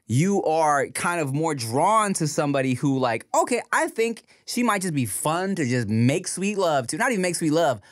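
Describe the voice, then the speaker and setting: A man's voice: a little high, sing-song, moderate pace, few pauses, no room sound, clean studio sound. A man co-hosting a podcast in casual chat, with laid-back slangy talk and frequent "you feel me" asides. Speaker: podcast co-host.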